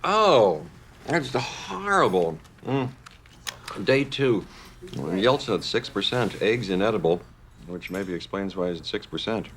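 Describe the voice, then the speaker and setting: A man's voice: on the low side, unhurried, a little hiss or hum. A man playing an eager, nervous American political consultant who stammers. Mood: animated. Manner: animated, stammering.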